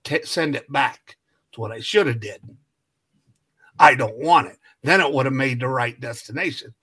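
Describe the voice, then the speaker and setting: A man's voice: mid-range voice, lively intonation, normal speed, pushed and bright, breathy edge. A man co-hosting a casual podcast, telling a long story and acting out what everyone said, laughing often. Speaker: podcast co-host.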